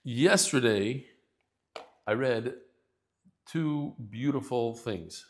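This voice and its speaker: A man's voice: mid-range voice, very slow, slight background noise. A man teaching a daily Talmud class, talking in a casual, heartfelt and emotional way with many restarts. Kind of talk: casual heartfelt lesson intro.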